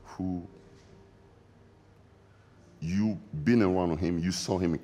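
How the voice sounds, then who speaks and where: A man, an interview guest recalling events in a halting, reflective way, repeating phrases with loose grammar. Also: sits low, steady tone, mellow, a little hiss or hum. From Democratic Republic of the Congo. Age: 40s. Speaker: interview guest, former basketball player. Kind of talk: emotional recollection in a sit-down interview.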